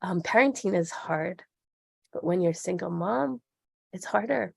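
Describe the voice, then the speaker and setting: Gravelly, husky low-voiced woman. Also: expressive, unhurried, a little mellow, dry recording, studio quality. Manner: earnest, open and reflective. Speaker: podcast guest. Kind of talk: candid interview conversation.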